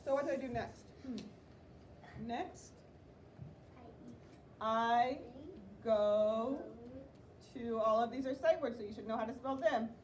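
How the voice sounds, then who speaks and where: Woman teacher, fairly high voice, slow sounding-out for little kids, roomy distant classroom recording with noise. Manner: slow, sounding out words for young children. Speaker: elementary school teacher. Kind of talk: classroom writing lesson.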